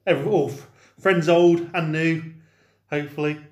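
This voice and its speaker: A man's voice: fairly high pitch, steady tone, moderate pace. A man co-hosting a casual podcast, blunt and jokey and prone to swearing. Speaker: podcast co-host. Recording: echoey room.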